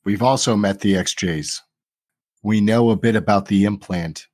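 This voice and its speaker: A man's voice: on the low side, moderate pace, a little mellow, no echo, clean studio sound. A man in his forties playing a tabletop game, hesitant and questioning. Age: 40s. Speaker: player. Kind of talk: tabletop role-play.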